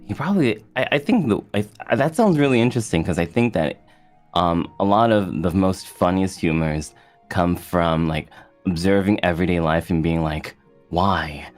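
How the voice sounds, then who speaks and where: A man chatting as a guest on a streamed talk show, rambling and halting, with many restarts. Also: low voice, darkish tone, soft background music. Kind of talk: casual chat.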